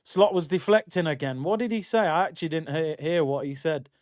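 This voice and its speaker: A man's voice: on the high side, brisk, darkish tone. A man hosting a football watchalong stream, chatting loosely and reading out viewer comments. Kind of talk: casual live-stream chat.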